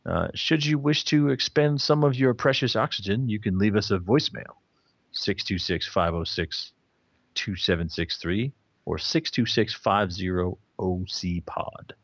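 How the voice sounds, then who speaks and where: A man's voice: lowish voice, a little slow, gravelly, fairly bright tone, slightly rough, dry recording. A man hosting a casual podcast, laid-back with dry humor as he reads out plugs. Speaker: podcast host. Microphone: new microphone.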